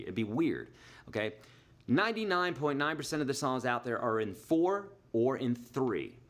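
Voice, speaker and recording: Casting: middle-aged male guitar teacher, mid-pitched voice, chatty, explains patiently with homely examples. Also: big pitch swings, normal speed, background noise. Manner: chatty, explains with everyday examples, counts beats aloud. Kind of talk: live online guitar lesson. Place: Nashville.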